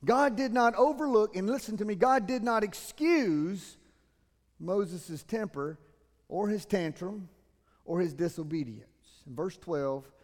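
A man, preaching a sermon as pastor in a church, moving between loud emphatic passages and quiet, earnest asides. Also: high voice, animated, measured pace. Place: church sanctuary. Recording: long hall reverb.

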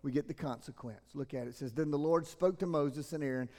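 A male pastor preaches a sermon in a church sanctuary, alternating between loud, emphatic passages and quiet, earnest asides. His voice is fairly high and fast, and the recording has a long hall reverb.

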